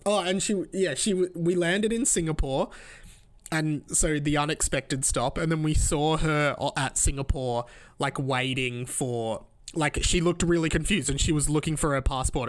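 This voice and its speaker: A man's voice: fairly high pitch, normal speed. A young man, hosting a podcast and telling travel stories in a loose, rambling way full of fillers. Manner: rambling, filler-heavy, laughs at his own stories. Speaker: podcast host. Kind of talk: casual travel storytelling.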